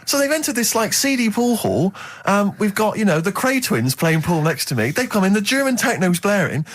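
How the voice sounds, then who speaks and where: Lively, higher-voiced male radio co-host. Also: brisk. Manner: animated, laughing storyteller. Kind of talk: casual radio banter.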